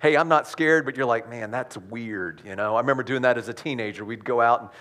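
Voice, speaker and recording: A man's voice: mid-range voice, fast talker. Emphatic man preaching a sermon. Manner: emphatic preaching with sudden loud rises and soft drops; conversational asides and repetitions. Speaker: pastor.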